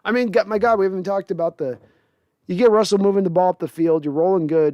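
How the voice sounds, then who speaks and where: A man's voice: high voice, fast, a little mellow, no room sound, clean studio sound. A man hosting a casual post-game reaction livestream, rambling and sardonic as he vents and thanks donors. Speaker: podcast host.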